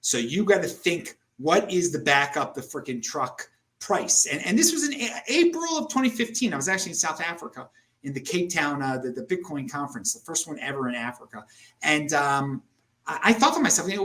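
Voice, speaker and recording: An animated man talking casually as a podcast host. His voice sits a little high and sounds bright and forceful. It jumps up and down a lot, and he trips over his words when he gets worked up. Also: a little fast. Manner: animated, excitable, many restarts and stammers. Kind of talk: casual chat. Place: Salt Lake City area, indoors.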